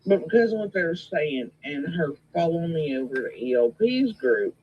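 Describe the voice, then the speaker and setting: A man's voice: fairly high pitch, lively intonation, normal speed, dull audio, a little hiss or hum. A man in a casual conversation, talking in a matter-of-fact, profane way with hesitant fillers. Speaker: guest in conversation.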